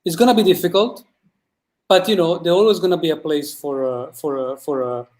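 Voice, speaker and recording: A man in his thirties on a video call, answering in a halting way that repeats words. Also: a little high, steady tone, a little mellow. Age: 30s. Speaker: guest musician.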